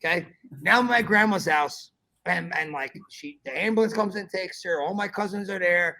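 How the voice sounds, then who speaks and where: Gravelly high-voiced man telling a wild story. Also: normal speed. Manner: animated, swearing, calls listener bro. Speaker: podcast host. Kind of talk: casual storytelling chat.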